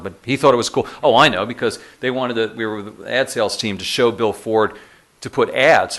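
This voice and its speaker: A middle-aged man with a bright, forceful tone and a slightly low voice tells stories on stage to a live audience. His delivery is animated, and laughter keeps creeping into his anecdotes. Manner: animated anecdotes, often laughing while telling them. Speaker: speaker telling stories to an audience. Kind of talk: storytelling talk to a live audience. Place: lecture room with audience.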